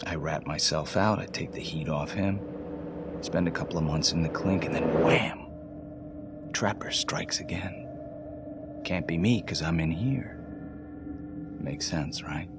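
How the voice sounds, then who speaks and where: An actor playing a desperate male death-row inmate in a video game cutscene, lurching between hushed whispers and furious shouts. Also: a bass voice, measured pace, long pauses, heavy background noise. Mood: haunted. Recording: game score playing underneath.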